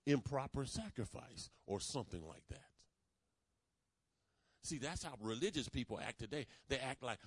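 A man's voice: mid-range voice, very animated, normal speed, husky, no echo. A man preaching a sermon, leading the congregation in call-and-response and building to emphatic declarations. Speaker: pastor.

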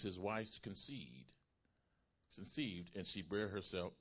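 A man preaching a sermon as pastor, emphatic and calling out to his congregation, building to shouts. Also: sits low, expressive, slow, husky. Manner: calls to the congregation.

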